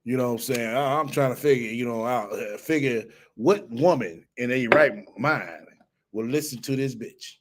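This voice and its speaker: A man's voice: medium pitch, moderate pace, slight background noise. A man hosting a casual commentary livestream, swearing a lot, mocking and laughing as he reads and answers comments. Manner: profane, mocking, laughs often. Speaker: host.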